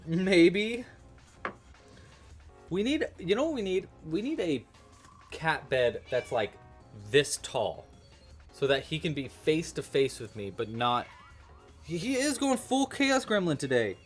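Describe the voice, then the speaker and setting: A man's voice: a little high, wildly swooping pitch, unhurried, faint music behind. A man casually teaching a crochet-along on a livestream, chatty and playful, often chatting with his cat. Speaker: crochet instructor.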